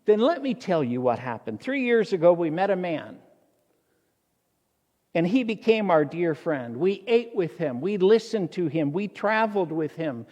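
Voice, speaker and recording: A man's voice: high-pitched, very animated, a little slow, darkish tone, in a large hall, heavily acted. A pastor voicing a grieving, earnest male disciple who recounts events in a raised voice, in a sermon.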